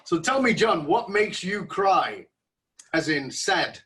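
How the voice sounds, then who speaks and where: A man's voice: sits high, very animated, slow, pushed and bright. A man hosting an interview podcast, asking questions with enthusiastic irreverence. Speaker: podcast host. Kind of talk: casual interview chat. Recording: voice a bit far from the mic.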